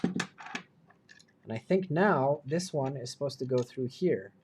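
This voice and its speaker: With a mid-range voice and an animated delivery, this livestream host takes things slowly as he builds on stream amid background noise. He thinks aloud in a chatty way and pokes fun at himself along the way.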